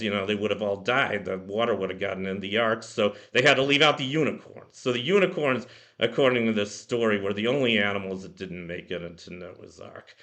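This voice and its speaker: A man's voice: on the low side, fairly bright tone. A man hosting his own music feature in a casual, rambling way, full of fillers and restarts, speaking into a home computer microphone. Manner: rambling, many "you know" fillers. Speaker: music blog host. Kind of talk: casual spoken song commentary.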